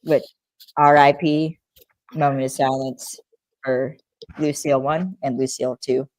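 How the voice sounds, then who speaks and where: A woman's voice: rumbling low, fairly even intonation, a little slow, darkish tone, no echo. A woman co-hosting a podcast in casual chat, rambling with lots of fillers and laughing easily. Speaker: podcast co-host.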